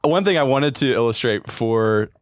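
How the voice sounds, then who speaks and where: A man with a medium-pitched voice and lively intonation hosts a podcast at normal speed, chatting casually, teasing his co-host and musing reflectively. The recording is clean studio sound with no room noise.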